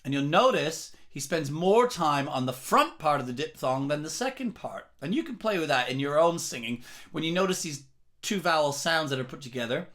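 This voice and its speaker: A man's voice: a little high, lively intonation, moderate pace, a bit bright. A man teaching rock singing, explaining technique in a careful, step-by-step way. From England. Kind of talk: vocal lesson.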